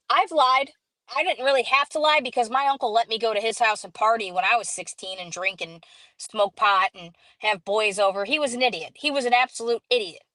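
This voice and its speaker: A woman hosting a casual live stream, telling a story in an animated way, acting out quoted dialogue and greeting viewers as she goes. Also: fairly high pitch, no room sound, rough recording.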